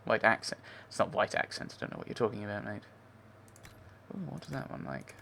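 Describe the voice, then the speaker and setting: Gravelly man in casual game commentary. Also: lowish voice, fast talker, pushed and bright, a little hiss or hum. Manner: musing, chatty, talks to himself. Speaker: game player.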